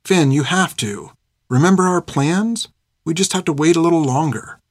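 A man's voice: fairly high pitch, animated, moderate pace, no room sound, studio quality, voice pushed up. A man voicing a worried young man who urges and reasons earnestly. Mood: urging. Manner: earnest, urging.

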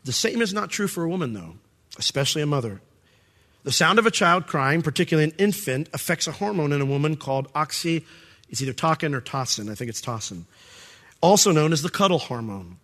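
A middle-aged male pastor with a fairly high pitch gives a sermon. He's animated, quickly mimicking voices, and his speech is full of fillers and restarts.

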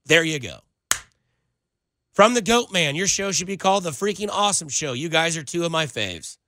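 A man's voice: on the high side, expressive, moderate pace, pushed and bright, no echo. A male sports radio host talking with a sarcastic, riled-up edge.

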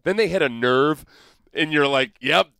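A man's voice: on the high side, normal speed, fairly bright tone, clean tone, dry recording, clean studio sound. A man who once played pro football, co-hosting a casual sports talk show and telling stories with frequent laughs. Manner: storytelling, laughs often. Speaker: former pro football player turned co-host.

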